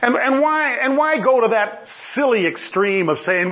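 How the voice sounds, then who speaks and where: A man preacher delivering a forceful sermon that rises to shouts, with mocking asides. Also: extremely high pitch, expressive, a little slow, few pauses.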